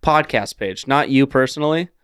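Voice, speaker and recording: Casting: young guy, mid pitch, smooth tone, dry sound, joking banter. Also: a bit bright, no room sound. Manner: joking, quick comebacks, laughs often. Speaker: podcast co-host. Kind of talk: casual chat.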